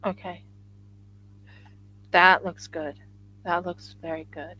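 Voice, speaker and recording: A woman's voice: fairly low pitch, little pitch movement, takes it slowly, bright, forceful tone, slight background noise, low-quality recording. A woman live-streaming her craft work, chatting casually and thinking aloud to viewers as she sculpts.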